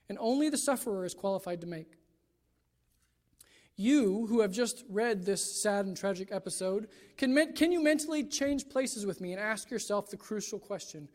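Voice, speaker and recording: A man's voice: very high voice, long reverb tail. A man preaching a chapel sermon, telling a story earnestly and often restarting his sentences. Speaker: student chapel speaker.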